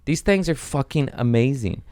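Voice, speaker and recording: A male comedian hosting a podcast, telling crude, animated stories about touring and hecklers in casual monologue. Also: mid-range voice, moderate pace, clean tone, dry recording, studio quality. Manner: animated storytelling with crude language.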